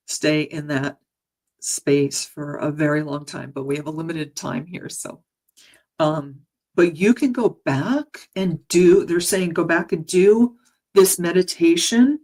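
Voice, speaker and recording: Low-voiced woman meditation guide. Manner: chatty and gentle, with frequent restarts and soft laughs; emotional, earnest. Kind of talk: casual spoken introduction to a guided meditation.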